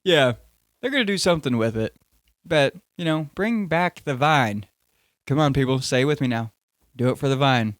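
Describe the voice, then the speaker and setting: Young male podcast host, mid-pitched, dry close sound, jokey and rambling. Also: expressive, moderate pace, fairly bright tone, dry recording. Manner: rambling, jokey, self-interrupting. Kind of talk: casual podcast chat.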